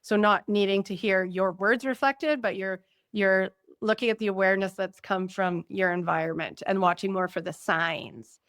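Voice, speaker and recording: A woman guest on a podcast who explains a personality system in a talkative, lively way and acts out quoted reactions. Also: medium pitch, normal speed, dry recording, studio quality. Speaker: Human Design guide.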